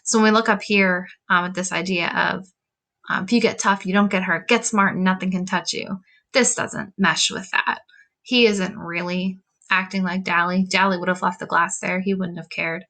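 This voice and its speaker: A woman's voice: on the low side, fairly even intonation, normal speed, pushed and bright. A woman teacher talking casually through a novel with a class, reading passages aloud and filling gaps with "um" and "like.". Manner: chatty, many "like" and "um" fillers; reads quotes from a novel aloud. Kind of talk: casual lesson walkthrough.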